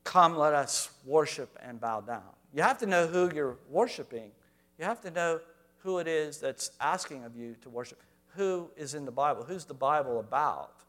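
Emphatic preaching man, fairly high voice. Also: lively intonation, moderate pace. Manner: swings between quiet asides and loud, emphatic preaching; reads scripture aloud, addresses congregation directly. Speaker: pastor. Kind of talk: sermon.

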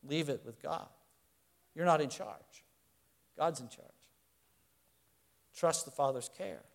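Pastor, middle-aged man, high-pitched voice, earnest and conversational sermon delivery. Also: expressive, slow pace, gravelly. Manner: earnest, conversational preaching with rhetorical questions.

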